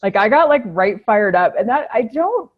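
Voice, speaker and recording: Animated woman guest over a tinny line. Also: medium pitch, moderate pace. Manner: animated storyteller who acts out her own past reactions. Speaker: program participant, interview guest. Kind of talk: casual interview chat.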